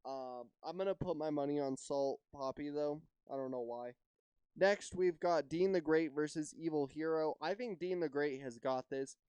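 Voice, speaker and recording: Smooth-voiced man in casual podcast chat. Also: on the high side, moderate pace, a little mellow, dry recording. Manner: casual and rambling, swears freely, hedges with "like". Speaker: podcast host.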